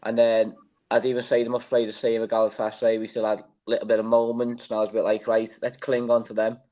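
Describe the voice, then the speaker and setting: A man's voice: on the low side, monotone, quick pace, dark tone. Man, fan show co-host, casual rant, sweary, rambling. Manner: sweary, rambling, says "lad" a lot. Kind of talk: casual football chat.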